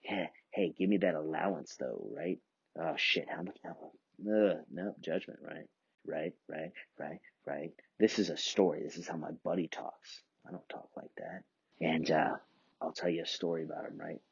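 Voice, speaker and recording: A deep, gravelly man with a husky edge rambles through a casual, foul-mouthed podcast monologue, chuckling as he drifts from one tangent to the next. The sound is dry and close, with a dull, lo-fi home-recording quality. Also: steady tone, normal speed, no echo. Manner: profane, rambling, chuckling often. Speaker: podcast host.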